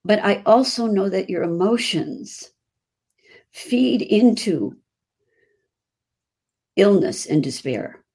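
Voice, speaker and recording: Gravelly older woman, Chicago accent. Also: mid-range voice, expressive, slow, pauses often, mellow. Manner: effusive, chatty, restarts often. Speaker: guest. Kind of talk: casual interview chat.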